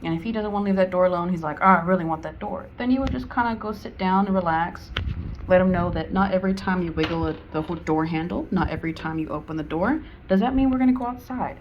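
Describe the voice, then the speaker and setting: A woman dog trainer explaining training at home in a chatty way, bursting into high-pitched praise for her dog. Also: quick pace, muffled recording, slight background noise. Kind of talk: casual instructional video. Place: home, indoors. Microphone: camera mic.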